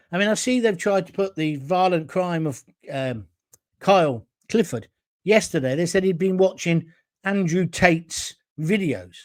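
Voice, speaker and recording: A middle-aged man hosts a solo talk show, delivering a blunt, indignant monologue. His voice sits high for a man and swings widely in pitch. The sound is dry and close, with little room around it. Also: expressive, unhurried, no room sound.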